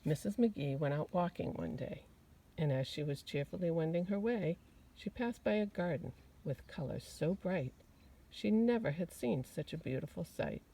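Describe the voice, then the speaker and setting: Expressive woman reading a picture book. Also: on the low side, normal speed, vocal fry, poor audio. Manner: warm, expressive, rhyming cadence. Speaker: storyteller reading to children. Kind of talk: picture-book read-aloud.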